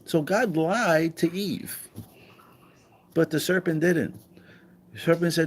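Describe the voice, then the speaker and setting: Animated man ranting with swearing. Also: takes it slowly, long pauses. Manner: animated, swearing, rhetorical questions; acts out quoted voices with higher pitch. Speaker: online commentator. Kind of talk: casual livestream monologue.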